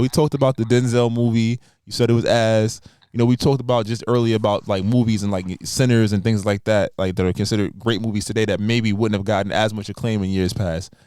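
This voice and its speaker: A young man hosting a podcast, chatting casually and laughing, his voice leaping up in pitch when he gets excited. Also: dry recording, studio quality. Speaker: podcast host.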